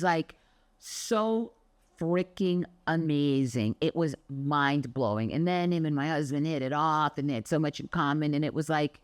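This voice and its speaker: A woman's voice: sits low, no room sound. An older woman, a Pilates instructor, talking casually and animatedly to camera, telling stories with the odd swear word. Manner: chatty, animated storyteller with mild swearing. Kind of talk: casual motivational talk to camera.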